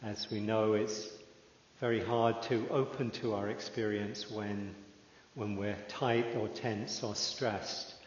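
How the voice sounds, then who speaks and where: A man guides a meditation slowly and calmly, leaving long pauses between phrases. His voice sits on the low side. The recording is dull and lo-fi, with the long reverb of a large hall. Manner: slow, calm, with long pauses. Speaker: meditation teacher. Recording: echoey hall, dull lo-fi sound.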